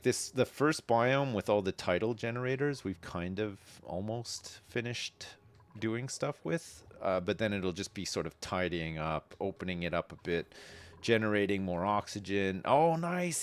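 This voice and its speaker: A man streaming a game live, chatting casually and thinking aloud, with frequent fillers and quick excited reactions. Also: fairly low pitch. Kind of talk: casual gameplay commentary.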